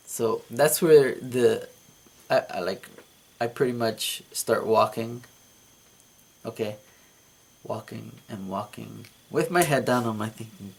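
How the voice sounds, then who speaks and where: A man casually recounts a dream for his vlog, his voice gravelly and a little husky. He tells it with animated energy, stumbles over repeated words and laughs at his own story. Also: mid-range voice, measured pace.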